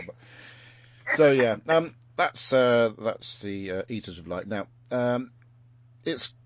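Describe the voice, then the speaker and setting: Low-ish male host, casual rambling recap, muffled lo-fi sound. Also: no echo. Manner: rambling, many fillers and restarts. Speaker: podcast host. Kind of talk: casual chat recapping an episode. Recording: muffled lo-fi recording.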